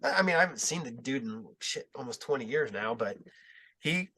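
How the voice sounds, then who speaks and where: A man's voice: mid-range voice, animated, a little fast, sharp tone, breathy edge. A man hosting a podcast, chatting casually, telling a rambling story in which he acts out quotes and swears now and then. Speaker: podcast host. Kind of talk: casual chat.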